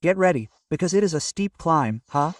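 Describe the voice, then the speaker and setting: A man's voice: fairly high pitch, animated, normal speed, dry recording, distant mic. A man narrating a casual hiking vlog outdoors, chatty and always telling viewers to look, panting as he climbs. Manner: chatty, keeps prompting viewers with "look" and "right?". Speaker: vlogger.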